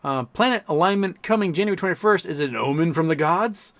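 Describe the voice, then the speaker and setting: A man's voice: sits high, expressive, fast talker, a bit bright. A man hosting a casual livestream who rambles, reads viewer comments aloud and laughs often. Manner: rambling, laughs often, mimics people in quotes. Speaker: livestream host. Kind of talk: casual livestream chat reading super chats.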